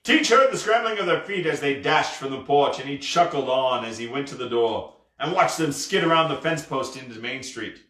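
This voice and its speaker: A man's voice: medium pitch, lively intonation, moderate pace, few pauses, pushed and bright, roomy sound. A man reading a novel aloud expressively, with casual asides. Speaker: storybook reader.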